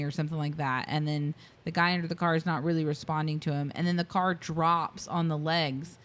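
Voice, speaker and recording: A woman with a low voice, speaking fairly quickly, co-hosts a podcast and recaps a movie in casual chat. She giggles often and tells the story animatedly, acting out the characters' lines in quoted voices.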